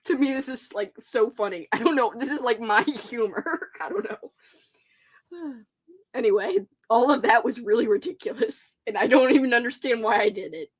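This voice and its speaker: A woman's voice: fairly high pitch, moderate pace, husky. A woman hosting a casual livestream chat, giggly and rambling. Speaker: host.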